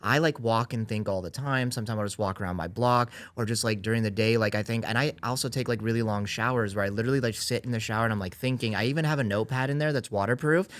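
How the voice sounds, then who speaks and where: A man's voice: on the low side, quick pace, few pauses, no room sound. A man hosting a podcast in casual chat, reflective and encouraging, with lots of filler "like"s. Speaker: podcast host.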